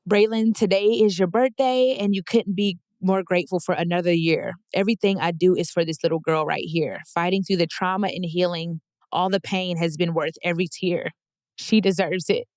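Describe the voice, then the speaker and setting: A heartfelt woman in her twenties reads personal letters aloud on her podcast. Her voice sits a little low and is recorded close with no room sound. She sounds emotional and on the edge of tears, speaking with affirmation. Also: normal speed, a little mellow, no echo. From Texas. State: tearful. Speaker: podcast host.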